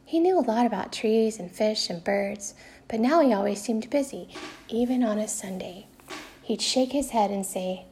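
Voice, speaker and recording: A woman's voice: mid-range voice, normal speed, darkish tone. Woman reading a novel aloud. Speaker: reader.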